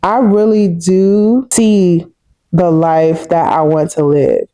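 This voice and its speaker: A woman in her thirties talking casually and warmly to her viewers in a personal vlog, chatty and heartfelt. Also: on the low side, slow pace, no room sound. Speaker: vlogger.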